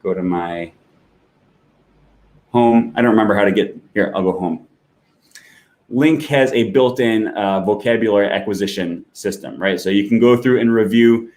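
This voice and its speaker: A man's voice: fairly low pitch, normal speed, pauses often. Guy explaining study apps, casual and chatty, lots of uhs, clicking around while he talks. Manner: relaxed, chatty, with filler words and self-corrections; walks through an app on screen while talking. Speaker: language-learning channel host.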